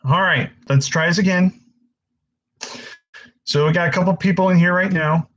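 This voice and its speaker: Young man, live stream host, stammering, swears a lot, fairly high voice. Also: fairly even intonation, normal speed, fairly bright tone, dull audio. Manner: frustrated, stammering, swears often.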